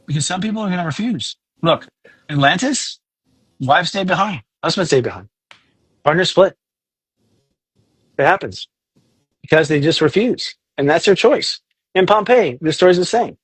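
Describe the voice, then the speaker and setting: A man talking casually as a guest on a podcast, animated, often acting out inner voices in quotes and swearing now and then. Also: fairly high pitch, moderate pace, long pauses, husky, no echo. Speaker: astrologer guest.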